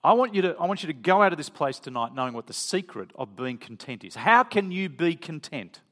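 A man's voice: medium pitch, fairly bright tone. A middle-aged man, preaching a sermon in a conversational, storytelling way with frequent restarts. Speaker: pastor.

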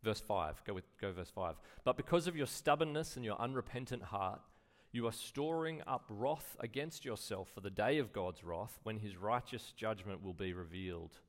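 A man's voice: on the low side, lively intonation, normal speed. A man preaching a sermon in a conversational way, full of rhetorical questions and acted-out quotes. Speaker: pastor.

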